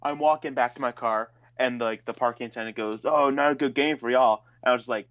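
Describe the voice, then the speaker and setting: A man's voice: mid-range voice, fairly even intonation, fast talker, few pauses, fairly bright tone, highs cut off. A man co-hosting a podcast, telling stories in a casual, profane, ranting way. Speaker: podcast co-host. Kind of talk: casual chat.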